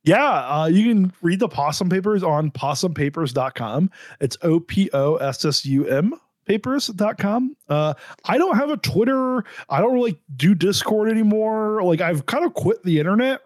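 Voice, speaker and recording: Wry man with a slightly high voice. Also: normal speed, dry recording, clean studio sound. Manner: wry, deadpan joking. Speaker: podcast guest. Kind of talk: casual podcast chat.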